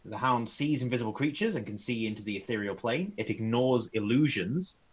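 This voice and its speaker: A young man playing a tabletop game, calmly reading out spell rules in a measured way. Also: mid-range voice, breathy edge, low-quality recording. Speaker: player. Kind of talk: casual tabletop game play.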